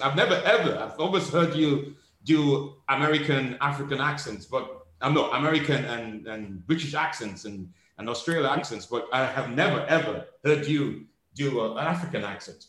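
A man's voice: mid-range voice, lively intonation, a little fast, fairly bright tone. Male host, bouncy up-and-down voice, echoey room, curious questions. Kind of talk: casual interview chat. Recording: roomy echo.

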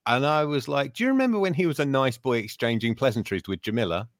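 A man's voice: mid-range voice, expressive, quick pace, no echo. Sardonic man, dry close sound. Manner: sardonic, swears, mimics people in quotes. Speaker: podcast co-host. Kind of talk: casual chat.

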